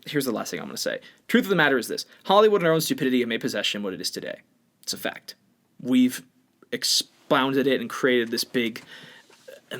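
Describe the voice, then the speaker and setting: A man's voice: mid-range voice, a bit bright. A man co-hosting a podcast, talking bluntly and with strong opinions in a casual discussion. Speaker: podcast co-host.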